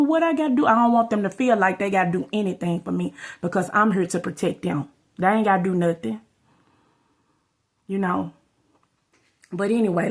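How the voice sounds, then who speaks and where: A woman's voice: mid-range voice, creaky. A woman tells her story to camera in a loose, rambling way. She keeps turning to her viewers with "y'all" and "you know what I'm saying." Her talk is casual and unscripted. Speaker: vlogger.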